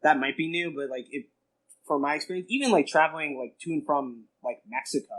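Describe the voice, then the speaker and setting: A man co-hosting a podcast, talking in a relaxed, meandering way. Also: a little high, a little fast. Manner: relaxed, meandering, lots of "like" fillers. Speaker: podcast co-host. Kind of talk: casual chat.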